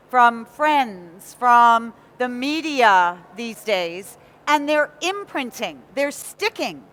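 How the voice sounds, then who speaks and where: High-voiced woman with North American accent. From Nottingham, England. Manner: lively, engages the audience with questions. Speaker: motivational speaker. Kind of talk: talk to a live audience.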